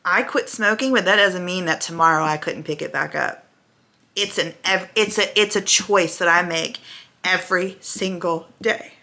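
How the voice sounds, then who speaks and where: Bright-voiced chatty woman vlogger. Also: fairly low pitch, moderate pace. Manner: chatty, candid, emotional. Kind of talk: casual reaction vlog.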